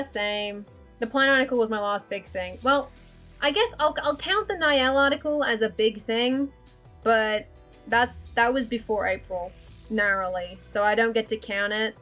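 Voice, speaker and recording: A young woman rambles through a casual livestream chat, blunt and sweary, breaking into laughter as she talks. Her voice sits a little higher than most, with faint music playing underneath. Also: normal speed, fairly bright tone. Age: young adult. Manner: candid, profane, laughs often. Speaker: livestream host.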